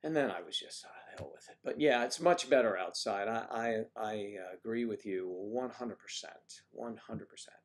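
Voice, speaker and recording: A man's voice: on the low side, normal speed, hardly any pauses. A man hosting a casual morning livestream, chatting playfully and reading out viewer comments. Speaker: livestream host.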